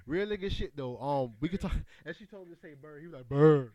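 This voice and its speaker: A man's voice: a little high, animated, quick pace, a little mellow. A man, the radio show host, retelling a story in a loose, laughing, profane way. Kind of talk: casual chat.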